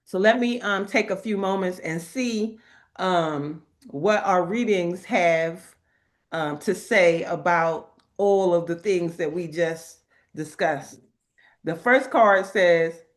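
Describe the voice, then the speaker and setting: A woman hosting a spiritual talk, animated and emphatic, laughing often as she reads inspirational cards. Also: on the low side, slow. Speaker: host. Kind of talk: spiritual talk and card reading.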